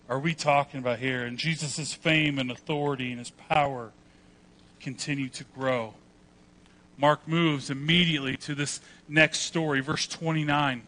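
Bright-voiced man preaching a lively sermon. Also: on the high side, moderate pace. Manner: animated preaching, acts out quoted voices. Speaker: pastor.

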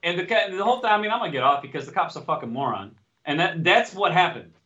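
A man's voice: high voice, expressive, quick pace, pushed and bright. A young adult man co-hosting a podcast, telling heated, profane stories in casual chat. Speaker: podcast co-host. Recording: dull lo-fi podcast audio.

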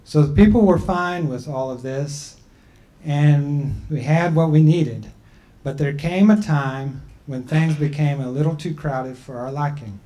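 A man giving a talk and telling a traditional creation story in a measured, deliberate way with frequent pauses. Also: a little high, dark tone. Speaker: speaker.

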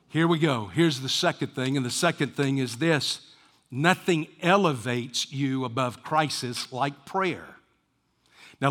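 A man preaching a sermon as pastor, rising to fervent emphasis and dropping to hushed near-whispers. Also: medium pitch, long reverb tail.

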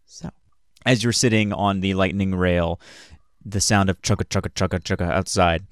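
A man's voice: deep voice, fairly even intonation, normal speed, clear, resonant tone, no echo, studio quality. A man who narrates a tabletop game as game master in a hesitant way, with many fillers.

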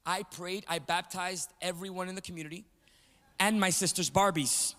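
A man preaching a sermon, telling a story with animated energy and calling out to the congregation. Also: high voice, normal speed. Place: church sanctuary. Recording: long reverb of a large hall.

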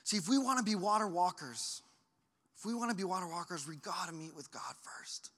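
A man, a pastor, preaching a sermon, animated and acting out the people in the story with big swings between loud and soft. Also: high-pitched, a little fast. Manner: animated, acts out quoted voices with big swings in loudness. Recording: long hall reverb.

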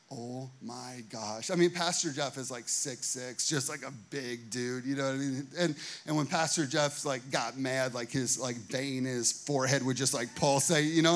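Animated man preaching a story. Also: fairly high pitch. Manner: animated, acts out quotes, many "you know what I mean" asides. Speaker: pastor. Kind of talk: sermon storytelling.

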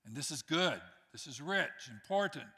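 A male pastor delivers a conversational sermon, speaking straight to his congregation and acting out the lines he quotes. His voice is bright and forceful. It rings with the long reverb of a church hall. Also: fairly high pitch, lively intonation, moderate pace, breathy edge. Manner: conversational preaching, acts out quotes, addresses congregation directly. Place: church sanctuary.

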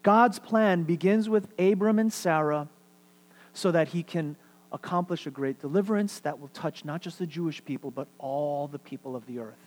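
A middle-aged man preaching a sermon as pastor, animated, swinging between loud emphasis and quiet asides and repeating phrases for emphasis. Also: fairly high pitch, normal speed.

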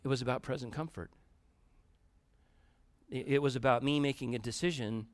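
A man giving a storytelling sermon to a live audience in a room, talking conversationally and turning to them directly, swinging between quiet asides and loud, emphatic bursts. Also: medium pitch.

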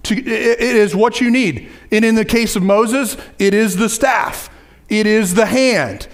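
A man with a high voice preaches a sermon in a lively way. He repeats phrases for emphasis and drops in casual asides to his listeners. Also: a little slow. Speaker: pastor.

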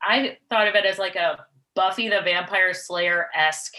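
A woman co-hosting a laid-back film talk, chatty and playful as she retells scenes. Her voice is bright and forward. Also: fairly low pitch, normal speed. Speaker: podcast co-host. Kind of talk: casual movie review chat.

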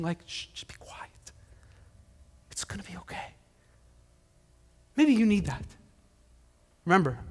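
A male pastor preaching a conversational sermon, animated, with frequent restarts. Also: high voice. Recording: hall reverb.

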